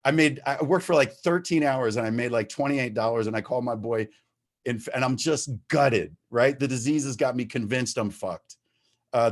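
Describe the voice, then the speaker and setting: Man, recovery-meeting speaker on a video call; candid, animated, casual swearing. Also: mid-range voice. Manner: animated, swears freely, gets worked up. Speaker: recovering addict sharing at a meeting. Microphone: video-call microphone.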